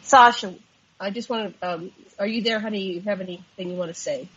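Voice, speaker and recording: A woman with a husky voice, hosting a radio interview and steering the conversation between guests. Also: mid-range voice, fairly quick, fairly bright tone. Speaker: radio show host. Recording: dull, lo-fi line.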